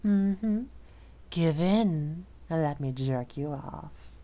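A young woman voicing an obsessive, possessive dominant woman in an audio role-play, speaking in a soft, slow, teasing murmur. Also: low voice, expressive, exaggerated voice. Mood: possessive, crooning.

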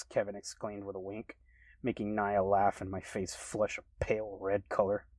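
Man, low voice, relaxed story reading, dry sound. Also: normal speed, no room sound, rough recording. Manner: relaxed, conversational reading with small laughs. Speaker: story reader. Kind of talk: first-person story reading.

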